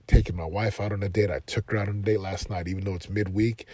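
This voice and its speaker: A man in his thirties hosting a motivational podcast from his car, talking earnestly and rising to loud, passionate emphasis. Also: fairly low pitch, fairly even intonation, fast talker, no echo. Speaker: podcast host and life coach.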